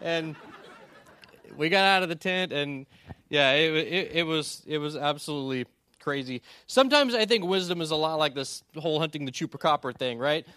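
A man telling a lively story with many restarts, building toward a lesson. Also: a little high, no echo, clean studio sound. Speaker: speaker. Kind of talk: storytelling sermon.

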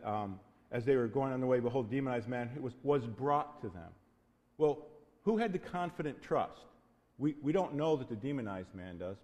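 A man's voice: medium pitch, a little mellow. A man preaching a sermon as pastor, earnest and conversational, often restarting his phrases. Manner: earnest, restarts often, acts out quoted voices. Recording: long hall reverb.

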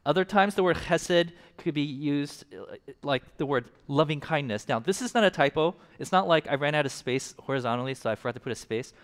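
Joking preacher man in a hall. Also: fairly high pitch. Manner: casual, joking, engages the audience. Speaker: pastor. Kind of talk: sermon.

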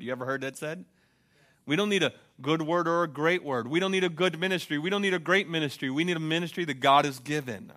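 A young man preaching a fervent sermon, asking the congregation for responses and building to loud passages. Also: on the high side. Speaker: pastor.

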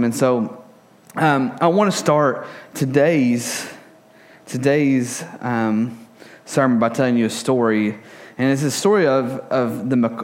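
A young adult man preaching a sermon in a relaxed, joking way, full of stories and fillers. His voice sits at an ordinary middle pitch. He often jumps higher and louder when excited and drops low to make a serious point. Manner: casual, joking, animated storytelling with many fillers. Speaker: pastor.

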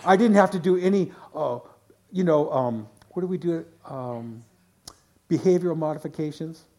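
A man's voice: fairly high pitch, normal speed, darkish tone. A man pastor preaching a sermon in a conversational way, often restarting phrases and voicing quotes.

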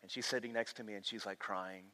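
Bright-voiced male pastor, long hall reverb. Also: on the low side, quick pace. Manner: animated storytelling, stumbles and repeats words, acts out conversations. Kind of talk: sermon storytelling.

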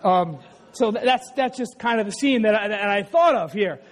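A man preaching a sermon with animated delivery, swinging from shouts to quiet asides and often asking the congregation "right?". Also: sits high, normal speed.

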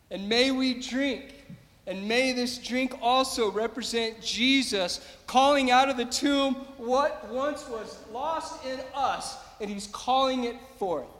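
A man's voice: sits high, fairly bright tone, long reverb tail. A man preaching a sermon as pastor, emphatic and repeating his phrases, calling out to the congregation.

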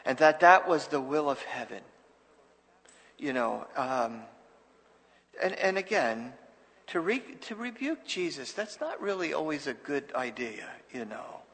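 Man, pastor preaching a sermon, earnest, slightly high voice, long hall reverb. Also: very animated, a little slow, a bit bright. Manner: earnest preaching with restarts and asides to the congregation.

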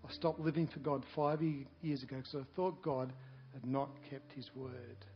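A man voicing a grieving widow, hushed and slow. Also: mid-range voice, steady tone, vocal fry, highs cut off, faint music behind, close to an everyday voice. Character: grieving middle-aged widow, woman in her fifties.

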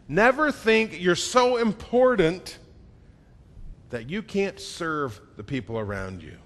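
A male preacher delivers a sermon with expressive swings between strong emphasis and hushed moments. His voice sits a little high for a man. Long reverb from the church hall trails each phrase. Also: measured pace. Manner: expressive, acts out quoted voices with swings in loudness.

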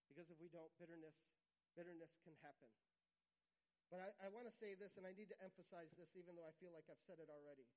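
Guy preaching a sermon, pretty high voice, earnest, repeats himself a lot. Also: fast, rough recording. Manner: earnest, repeats phrases for emphasis, drops to quiet intimate tones. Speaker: pastor.

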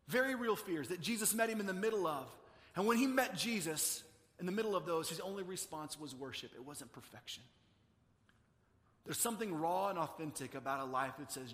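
A man preaching a sermon as pastor, earnest, swinging between loud emphasis and hushed intimate passages. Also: high voice, animated, brisk. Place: church sanctuary. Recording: long reverb of a large hall.

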